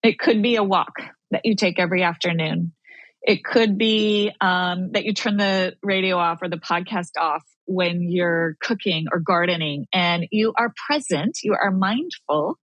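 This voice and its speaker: A woman guest in a casual faith-based conversation, animated and acting out her own inner thoughts. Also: lowish voice, measured pace, dry recording, lo-fi sound. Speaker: podcast guest.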